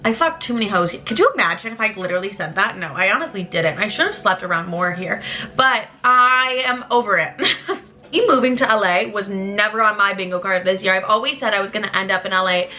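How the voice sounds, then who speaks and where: A young woman in her twenties talks candidly to her viewers as if they are close friends. Her voice is bright and forward, her delivery blunt and chatty, with casual swearing and lively jumps in pitch. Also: brisk. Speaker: lifestyle creator. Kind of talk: candid casual chat to camera.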